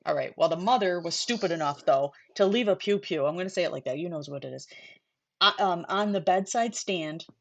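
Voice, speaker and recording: A New York woman with a lowish, gravelly voice speaks briskly, and the recording sounds lo-fi. She hosts a casual true-crime livestream, chatting and wandering off on tangents while talking directly to her viewers.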